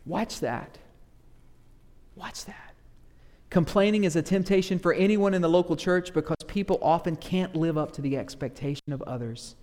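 A man preaching a sermon as pastor, animated, dropping into asides that mimic grumbling church members. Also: a little high, brisk, hardly any pauses, big-room sound.

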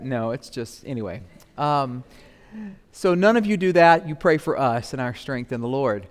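A man in his thirties, a pastor giving a sermon, chatty and humorous at times, then rising to loud, emphatic proclamation. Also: medium pitch, expressive, measured pace, long pauses. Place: church sanctuary. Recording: long reverb of a church hall.

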